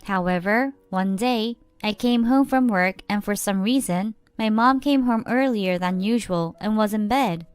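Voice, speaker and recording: A young woman narrating a first-person story in a plain, steady way. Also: medium pitch, a little slow, hardly any pauses, clean tone, dry recording, faint music behind.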